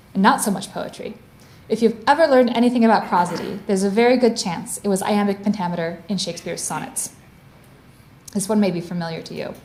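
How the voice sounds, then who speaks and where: Woman, guest lecturer, mid-pitched, explanatory academic delivery, echoey room. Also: a little mellow. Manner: clear, explanatory, stops to define terms. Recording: roomy echo.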